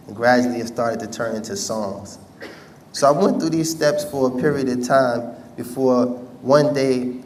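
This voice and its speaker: A man's voice: mid-range voice, a little mellow, recorded from a distance, slight background noise. American man telling his story, from afar. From United States. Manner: conversational storytelling, addresses audience directly. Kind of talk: personal testimony talk.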